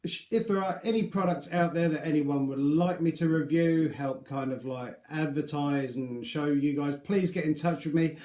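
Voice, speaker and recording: A man's voice: fairly high pitch, normal speed, darkish tone. A man chatting casually through a beard product review, rambling and joking about himself. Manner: chatty, rambling, self-deprecating. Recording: echoey room.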